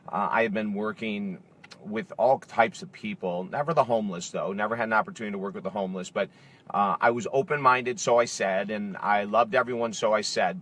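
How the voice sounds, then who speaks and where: Man telling a personal story to camera. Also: fairly low pitch. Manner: animated, acts out quoted dialogue. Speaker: author and speaker. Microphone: camera facing speaker.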